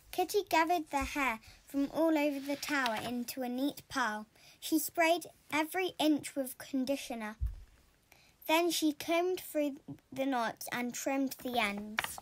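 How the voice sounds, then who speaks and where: Storyteller: woman, high voice, slow and expressive picture-book reading. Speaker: storybook reader.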